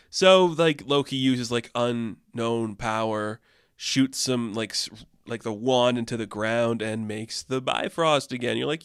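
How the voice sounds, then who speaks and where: A chatty man rambles through a casual comic book review, his speech loose and full of fillers. His voice is mid-pitched, smooth and clear. The sound is dry and close to the mic. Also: dry recording.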